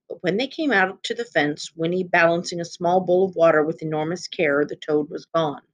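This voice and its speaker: Expressive woman reading a children's novel. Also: lowish voice, moderate pace, hardly any pauses. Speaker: reader.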